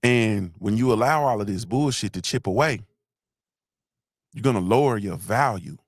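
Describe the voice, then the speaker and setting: In a clean studio recording without room sound, a middle-aged man speaks at normal speed while hosting a live motivational talk. He is preachy and repeats himself, calls out viewers, and becomes emotional, his voice dropping low.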